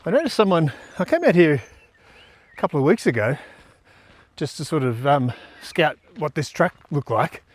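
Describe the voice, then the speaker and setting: A man's voice: on the high side, sing-song, moderate pace. An Australian man vlogging casually on a riverside trail, chatting in an easygoing, rambling way with lots of fillers while he walks. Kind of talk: casual outdoor vlog chat.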